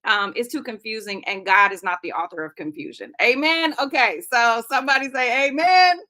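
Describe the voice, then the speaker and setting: Bright-voiced playful woman host. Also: on the high side, moderate pace. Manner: playful, joking, laughs often. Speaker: radio show host. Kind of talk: lively casual live-stream chat.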